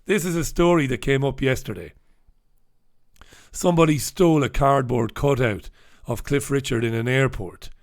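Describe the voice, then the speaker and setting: Pausing often, the middle-aged British host speaks at normal speed and medium pitch during a casual livestream. He reads the papers and welcomes viewers with an irreverent, swearing style.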